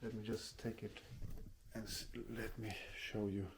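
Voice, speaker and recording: A man's voice: lowish voice, level tone, a little slow, a little hiss or hum. A man doing a casual product unboxing at home in his apartment, speaking plainly and often restarting his phrases. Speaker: tech reviewer.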